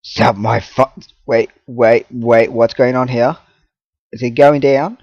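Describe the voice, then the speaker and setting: A man's voice: mid-range voice, steady tone, unhurried, no echo, lo-fi sound. A man commentating his own horror game play, jumpy, swearing, laughing and talking to objects in the game. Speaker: gaming channel host.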